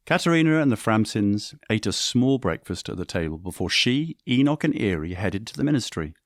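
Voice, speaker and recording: A man narrates a story with a lively, rising and falling pitch. His measured, descriptive reading sounds close and dry. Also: dry recording.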